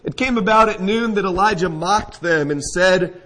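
A man's voice: high-pitched, moderate pace, few pauses, fairly bright tone, rough recording. A man preaching a sermon, retelling a scripture story vividly and asking his listeners questions. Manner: storytelling, asks listeners questions, acts out scenes. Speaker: pastor.

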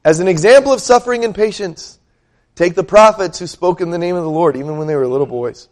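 A man's voice: sits high, fast talker. A male pastor preaching a sermon, retelling scripture with conversational, dramatic storytelling and questions for the congregation.

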